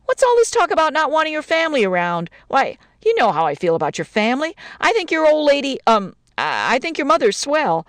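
A folksy young newlywed husband, done by a woman, who fumbles for words while trying to smooth things over. His voice bounces around a lot. The sound is dry and close. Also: high-pitched, huge pitch swings, a little fast, few pauses, dry recording, heavily acted. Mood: placating. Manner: soothing, fumbling, folksy slang. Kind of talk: dramatic story reading.

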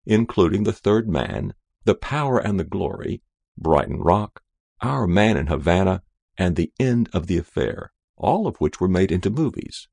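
Deep-voiced man reading a story aloud. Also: big pitch swings, moderate pace, creaky, darkish tone, no echo, studio quality. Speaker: story reader. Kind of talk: scripted narration of a short story.

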